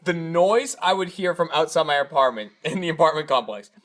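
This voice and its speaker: A man's voice: on the high side, lively intonation, brisk, fairly bright tone. A man co-hosting a podcast, telling stories in a casual, rambling way with lots of swearing and filler words. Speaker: podcast co-host. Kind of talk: casual storytelling chat.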